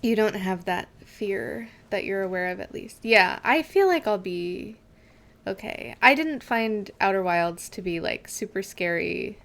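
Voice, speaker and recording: A young woman streaming a game, chatting casually with viewers, giggling often and filling pauses with "like" and "um". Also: medium pitch, animated, a bit bright. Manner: chatty, giggly, with many fillers. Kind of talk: casual gameplay chat with chat reading.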